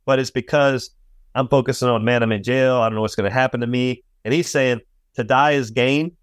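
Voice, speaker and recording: A man's voice: little pitch movement, fast talker, clean tone, no echo, clean studio sound. A man, a professional golf caddie, talking earnestly in an interview and acting out quotes as he tells stories. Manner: earnest storyteller, acts out quotes with rising pitch. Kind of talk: faith-based interview talk.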